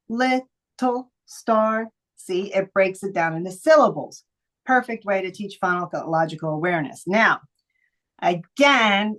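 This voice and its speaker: A woman's voice: mid-range voice, poor audio. An enthusiastic woman presents book picks to a room of teachers. She is chatty and playful, and she often slips into goofy voices and sing-song phrases.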